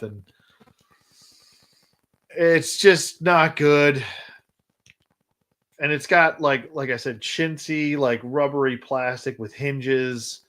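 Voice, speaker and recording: A man's voice: medium pitch, a bit bright, low-quality recording. Rambling man reviewing toys. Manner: rambling, blunt, repeats and restarts while complaining. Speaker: action figure collector and channel host. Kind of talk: casual livestream toy review.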